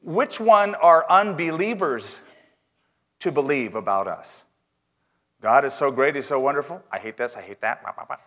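A man preaching a sermon in church, reading scripture slowly and emphatically, with joking asides. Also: mid-range voice, a bit bright. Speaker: pastor.

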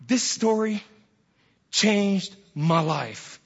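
A middle-aged man preaches a theatrical testimony with a gravelly, husky voice. His pitch leaps and drops widely as he swings from hushed tones to loud outbursts. The recording is dull and lo-fi, with a long echo from a large hall. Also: expressive, drawn-out words. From Middle East. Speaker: guest speaker giving testimony.

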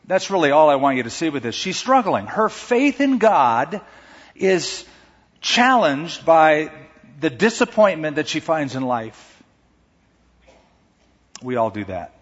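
A man's voice: on the high side, sing-song, a little slow, long pauses. A man preaching a sermon, who acts out the sisters' words with dramatic emphasis. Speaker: pastor. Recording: muffled recording with long hall reverb.

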